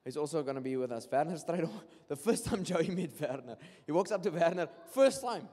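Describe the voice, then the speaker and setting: High-pitched South African preacher in a reverberant hall. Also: male voice, fairly quick. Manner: switches between English and Afrikaans, animated storytelling with acted-out quotes. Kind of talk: sermon. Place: church hall.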